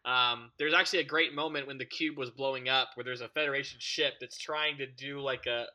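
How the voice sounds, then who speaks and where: An enthusiastic man co-hosting a casual podcast, agreeable and quick to laugh. His voice has a very bright, sharp edge and sits at an average pitch. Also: fairly even intonation. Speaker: podcast co-host. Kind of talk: casual fan discussion.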